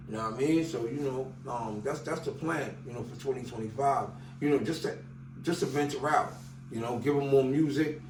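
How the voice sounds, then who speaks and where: A man's voice: mid-range voice, brisk, a little mellow, reverberant, recorded from a distance, slight background noise, low-quality recording. A man from Staten Island with a New York accent, telling loose, slangy stories as a rapper guest in an interview and acting out the dialogue. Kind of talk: casual interview storytelling.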